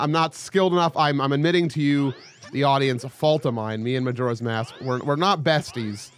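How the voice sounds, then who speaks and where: A man's voice: fairly high pitch, a little hiss or hum. A young man casually commentating his gameplay, joking and yelping at sudden moments. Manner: excitable, joking, with sudden yelps. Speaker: let's play host.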